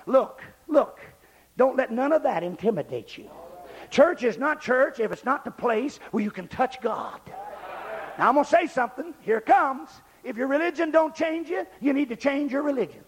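A man preaching a revival sermon, shouting at the climaxes and dropping low for asides. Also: lively intonation, moderate pace. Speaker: pastor.

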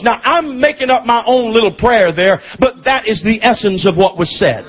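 High-voiced impassioned preacher on dull tape. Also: male voice, husky. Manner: impassioned, shifts between deliberate slow emphasis and shouting. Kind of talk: fiery sermon.

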